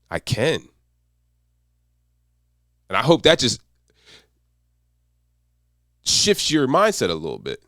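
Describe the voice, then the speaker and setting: Male accountability coach, motivational monologue, swooping lively delivery, dry close sound. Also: mid-range voice, moderate pace, pauses often, dry recording. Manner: repetitive, emphatic mantras.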